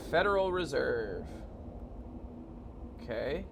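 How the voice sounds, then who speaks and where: A man's voice: medium pitch, animated, moderate pace, long pauses, noisy background. Man muttering over a video game. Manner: swears offhandedly, mumbles asides. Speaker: let's-play gamer. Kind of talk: casual game commentary.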